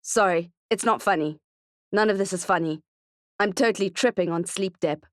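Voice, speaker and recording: A woman voicing Keke, a tough, frantic female friend who talks bluntly and swears, in a dark thriller audiobook. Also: mid-range voice, moderate pace, dry recording, clean studio sound, natural voice. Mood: urgent.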